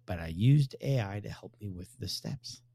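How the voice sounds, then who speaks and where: A man's voice: lowish voice, animated, normal speed, mellow, slightly rough, no echo, studio quality. A man co-hosting a podcast, chatting casually with short amused reactions. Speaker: podcast co-host. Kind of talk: casual chat.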